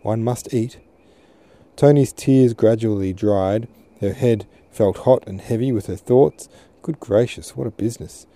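Low, dark-voiced male narrator. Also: no room sound. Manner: measured, with occasional self-corrections. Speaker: podcast host and reader. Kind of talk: audiobook narration of a classic novel.

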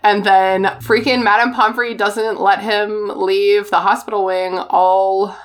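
A young woman hosts a podcast in casual chat. She jokes and makes quick asides as she goes. Her voice sits at a middle pitch. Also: flat delivery. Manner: chatty, joking, quick asides. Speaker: podcast host.

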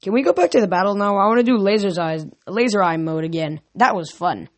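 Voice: medium pitch, expressive, quick pace, no room sound, lightly acted. A reader voicing an eager, playful male snake in a storybook reading.

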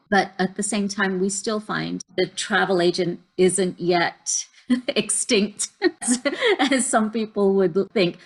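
Woman chatting about work, casual storyteller. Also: on the low side. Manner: conversational storytelling, self-correcting. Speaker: travel agent guest. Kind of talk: casual podcast chat.

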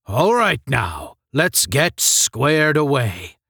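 A man doing a gruff veteran space sergeant. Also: mid-range voice, sing-song, very slow, bright, forceful tone, no room sound, studio quality, heavily acted. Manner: barking, drill-sergeant commands.

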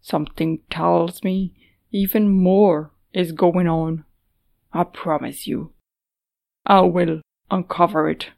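A man's voice: high voice, level tone, takes it slowly, vocal fry, a little mellow, full character voice. A woman reading the part of a suspicious young ruler who speaks in a commanding, accusing way.

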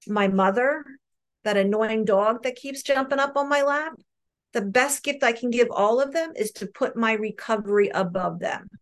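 A middle-aged woman with a New Jersey accent, sharing her recovery story frankly and earnestly on an online meeting call, often repeating words as she goes. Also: mid-range voice. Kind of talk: personal recovery share.

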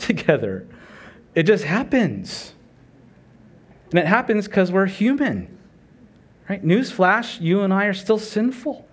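A middle-aged man preaching a sermon in a conversational way, asking rhetorical questions and acting out prayers and dialogue. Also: a little high. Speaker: pastor.

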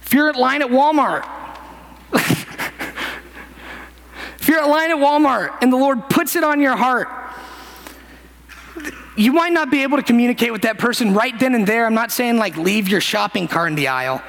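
A man's voice: very high voice, expressive, moderate pace, creaky, pauses often, fairly bright tone. A young man preaching a sermon in a conversational, self-deprecating storytelling manner, getting emotional and close to tears. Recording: music playing behind.

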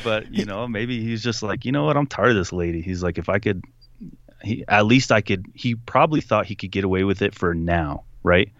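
A man guest telling a personal story in a casual, animated way, acting out what people said. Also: fairly low pitch, normal speed, no room sound, highs cut off. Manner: animated retelling, acting out quotes. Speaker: podcast guest.

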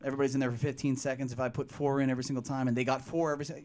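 A man co-hosting a podcast, telling a long story in casual chat, with plenty of swearing and animated asides. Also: medium pitch, rapid-fire. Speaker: podcast co-host.

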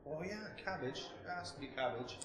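A man's voice: a little high, fairly quick, a bit bright, echoey room, low-quality recording. A young Irish man chatting casually as a podcast guest, laid-back, swearing freely and laughing often. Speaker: podcast guest, food reviewer. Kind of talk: casual chat.

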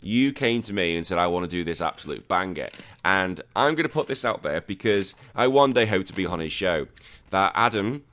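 Podcast host, male, Liverpool accent, sore throat; a low voice with lively pitch that jokes and swears bluntly. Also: a little fast. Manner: swears freely, jokey and blunt. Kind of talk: casual podcast chat.

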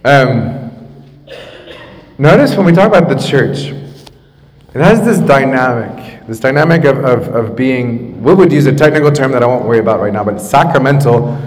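A man's voice: medium pitch, animated, moderate pace. A man in his thirties, a pastor, preaching a sermon casually, with asides and restarts, on a makeshift microphone in a church. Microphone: makeshift microphone after the main one broke. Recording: long church reverb.

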